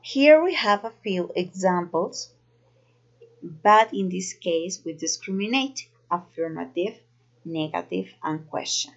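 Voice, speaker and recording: Colombian-accented woman teaching english grammar, slow and low-ish, dull lo-fi sound. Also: expressive, gravelly. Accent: Colombian Spanish. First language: Spanish. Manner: slow, careful explaining. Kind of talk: recorded grammar lesson. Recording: dull lo-fi recording.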